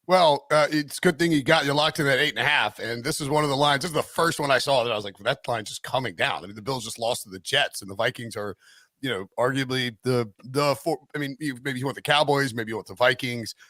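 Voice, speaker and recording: A man of middling pitch co-hosts a casual sports betting podcast, rambling through his points with restarts and jokes. He often circles back mid-sentence before landing a thought. The recording is dry and close, with no room sound. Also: fast, sharp tone, dry recording. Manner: rambling, lots of restarts and "like", jokey. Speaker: podcast co-host, NFL betting analyst.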